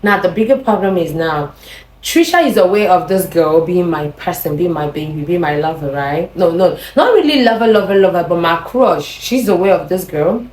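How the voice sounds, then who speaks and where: Lively Nigerian woman telling a story. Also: fairly low pitch, moderate pace. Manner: animated, acts out quoted lines. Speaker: vlogger. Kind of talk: casual storytelling. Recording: echoey room.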